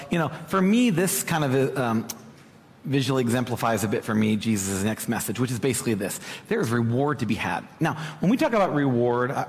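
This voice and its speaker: A young man preaches in a casual, chatty way, his pitch rising and falling a lot as he talks to the people in front of him. His voice rings with the long reverb of a church hall. He sits at a middle pitch for a man. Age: young adult. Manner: conversational, animated, with asides to the audience. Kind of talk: sermon teaching.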